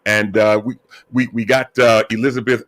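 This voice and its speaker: A man with a fairly low voice hosts a casual online radio talk show. He is chatty and upbeat, greeting guests and giving shout-outs. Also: level tone, normal speed. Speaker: host.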